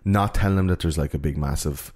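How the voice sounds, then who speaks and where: A man's voice: rumbling low, quick pace, a little mellow. A man chatting casually on a podcast, retelling film scenes in a rambling way full of fillers and restarts.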